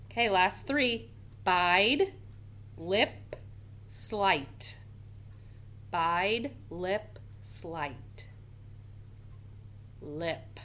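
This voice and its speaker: A woman teaching a first grade phonics lesson, slowly sounding out words for young children. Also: fairly low pitch, fairly bright tone.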